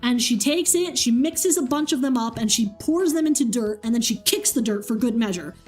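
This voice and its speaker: A high-pitched young woman streams a game and retells a myth in loose, chatty fashion, swearing often and filling pauses. Soft game music plays faintly behind her. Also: expressive. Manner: chatty, swears freely, many fillers. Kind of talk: casual storytelling while gaming.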